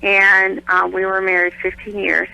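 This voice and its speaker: A woman calling in to a radio show with the hiccups, talking in an apologetic, halting way full of restarts. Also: medium pitch, completely flat delivery, creaky, sharp tone, clear, resonant tone. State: has the hiccups. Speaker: caller. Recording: tinny phone line.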